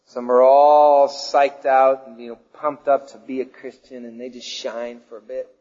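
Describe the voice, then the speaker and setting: A man's voice: medium pitch, little pitch movement. Emphatic preacher man in a dull echoey hall. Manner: emphatic preaching, swinging between loud declarations and hushed, slow questions. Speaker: pastor. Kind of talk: sermon.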